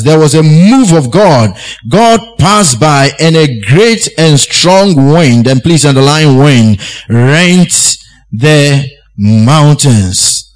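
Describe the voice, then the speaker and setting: A man preaching a sermon, slow and deliberate, repeating key phrases for emphasis. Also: fairly high pitch, darkish tone, low-quality recording.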